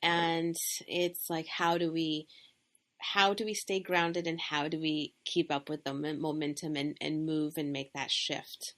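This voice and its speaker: A woman hosting an interview, soft-spoken and affirming in casual conversation. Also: sits low, little pitch movement, measured pace. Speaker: host.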